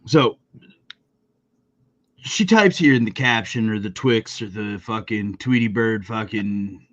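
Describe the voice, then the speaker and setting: A man's voice: lowish voice, slow pace, lo-fi sound. A man co-hosting a wrestling podcast, chatting casually with loose, profane jokes. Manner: profane, joking, rambling. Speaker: podcast co-host. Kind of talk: casual chat.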